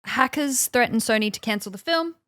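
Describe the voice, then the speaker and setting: A woman's voice: on the high side, lively intonation, brisk, a bit bright, no echo, clean studio sound. A woman co-hosting a podcast, telling a story in casual chat, full of fillers and little acted-out quotes. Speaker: podcast co-host. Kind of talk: casual chat, recounting events.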